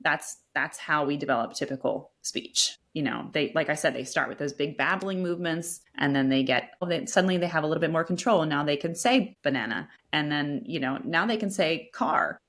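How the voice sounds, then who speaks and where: Low-voiced woman speech therapist explaining. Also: brisk, hardly any pauses, fairly bright tone. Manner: explanatory, repeats words when restarting. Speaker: speech-language pathologist guest. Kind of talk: expert explaining in a podcast interview.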